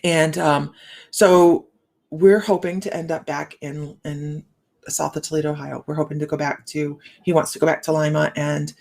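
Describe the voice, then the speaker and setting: Middle-aged woman host, low gravelly tone, rambling live-stream chat, sore jaw slurs words slightly. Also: little pitch movement, normal speed, darkish tone. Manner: chatty storytelling, many fillers and restarts. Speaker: psychic livestream host.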